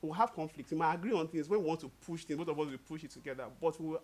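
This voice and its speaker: An easygoing young man in a relaxed conversation, his voice sitting a little higher than most men's. He laughs often and slips into playful quoted voices while telling stories. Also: very fast. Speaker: co-host. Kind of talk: casual couple chat.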